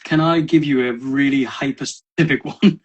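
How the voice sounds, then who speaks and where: A man from North East England, a podcast guest chatting casually and rambling with many pauses and restarts. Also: mid-range voice, fairly even intonation, husky, dull audio. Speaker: podcast guest, miniature painter.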